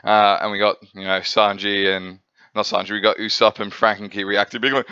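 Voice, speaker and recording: A man's voice: on the low side, steady tone, normal speed, pushed and bright, clear, resonant tone, no room sound, dull audio. A man reviewing a comic in a rambling, filler-heavy casual chat.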